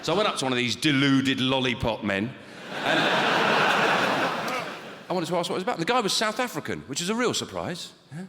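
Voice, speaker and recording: A middle-aged man doing a deadpan, sardonic stand-up routine. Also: medium pitch, fairly quick, background noise. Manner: deadpan, dry and sardonic, swearing. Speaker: stand-up comedian. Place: large comedy venue. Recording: echoey hall with loud audience laughter.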